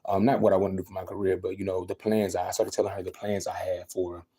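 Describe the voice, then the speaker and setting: Young man, quick emphatic livestream rant, low and warm. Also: level tone. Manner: venting, emphatic, repeats himself. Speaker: livestreaming vlogger.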